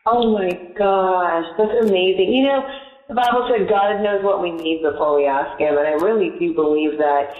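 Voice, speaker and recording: A woman's voice: on the low side, moderate pace. A woman guest chatting in an interview, telling a personal story in a rambling, emotional way. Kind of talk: casual interview chat. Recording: echoey, tinny phone-line sound.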